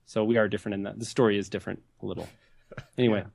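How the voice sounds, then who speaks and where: A man's voice: fairly low pitch, steady tone, rapid-fire, gravelly, a little mellow, no room sound, studio quality. Rambling, laughing male podcast guest. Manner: rambling storyteller, laughs easily. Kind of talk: casual chat.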